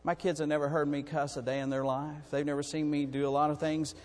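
Talking fast with a flat delivery, a high-voiced male pastor preaches in a reverberant church sanctuary. He swings from quiet asides to loud, climbing calls, starts sentences over, and jokes with the congregation, the room ringing behind each line.

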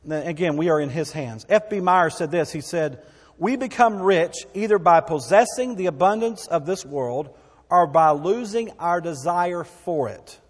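A man's voice: fairly high pitch, expressive, normal speed, breathy edge, in a large hall. A man preaching a sermon as a pastor, in a conversational, folksy way with asides and repeated phrases.

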